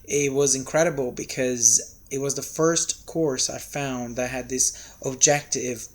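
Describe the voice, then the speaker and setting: A man who works as an actor, giving an enthusiastic testimonial in quick bursts. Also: medium pitch, fairly even intonation. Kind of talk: spoken testimonial.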